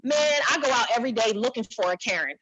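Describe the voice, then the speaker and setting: A woman in her thirties from New Jersey doing a blunt, animated stand-up set, talking to the audience like a friend. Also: a little high, fast talker, breathy edge, no echo, dull audio. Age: 30s. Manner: blunt, animated, conversational, repeats herself. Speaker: stand-up comedian.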